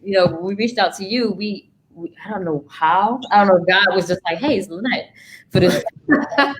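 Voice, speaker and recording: A woman guest in a casual talk, animated and laughing often. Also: mid-range voice, fairly quick, low-quality recording. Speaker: guest filmmaker. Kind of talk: casual chat. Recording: faint background noise.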